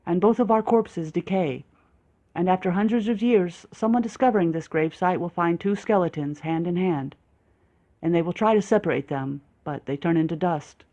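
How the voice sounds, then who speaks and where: An audiobook reader voicing an excitable, morbidly romantic young woman who gushes with breathless enthusiasm. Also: medium pitch, fairly quick, close to an everyday voice. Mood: gushing. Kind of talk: audiobook character voice.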